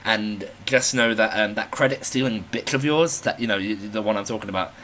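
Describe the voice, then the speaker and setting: A man's voice: fairly low pitch, brisk, a bit bright, slight background noise. A man recording a personal video message for a friend, playful and teasing, swearing casually between affectionate words.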